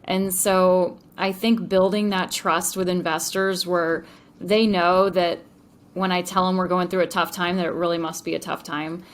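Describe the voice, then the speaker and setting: A woman's voice: fairly low pitch, little pitch movement, normal speed. A woman entrepreneur speaking as a podcast guest, enthusiastic and chatty, with frequent fillers. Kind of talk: podcast interview.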